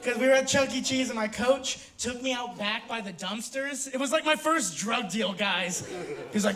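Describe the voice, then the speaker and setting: A young man doing a stand-up set in a university theater, brash and swearing, with sudden loud outbursts. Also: very high voice, brisk. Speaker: stand-up comedian. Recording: roomy theater, distant mic, audience laughter.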